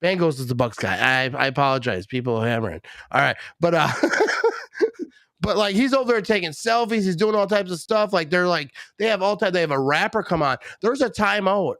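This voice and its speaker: Middle-aged man from Wisconsin, podcast host, a bit tipsy, rambling casual chat, fairly high voice, dry close sound. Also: lively intonation, normal speed, a bit bright, dry recording. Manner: rambling, loose, full of "like" and "bro". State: a little tipsy.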